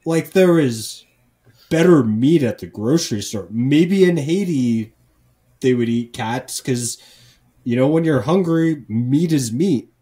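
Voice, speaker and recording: Slow-talking, profane man ranting. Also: mid-range voice, animated, dark tone. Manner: profane, rambling, frequent false starts. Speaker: podcast co-host. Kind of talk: casual comedic podcast chat.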